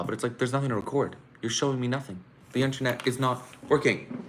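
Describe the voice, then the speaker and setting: A man's voice: mid-range voice, fast talker, slight background noise. A man hosting a casual live stream from home, chatting with viewers and venting his frustration in an exclamatory way. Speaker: live-stream host reacting to a contest. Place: home room.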